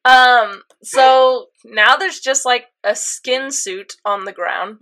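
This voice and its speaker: A young woman chatting casually, retelling an episode with lots of fillers and animated reactions. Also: fairly high pitch, takes it slowly. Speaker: co-host recapping an anime episode. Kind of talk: casual chat.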